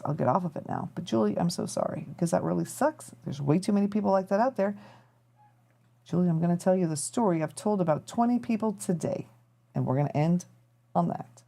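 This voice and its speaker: A woman talking casually to her viewers on a livestream, chatty and rambling, getting animated as she makes her point. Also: medium pitch, gravelly. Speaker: livestream host.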